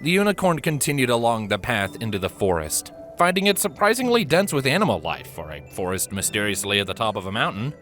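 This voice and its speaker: A man narrating a fan story aloud in a lively, expressive storytelling manner. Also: mid-range voice, fast, hardly any pauses, soft background music. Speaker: reader.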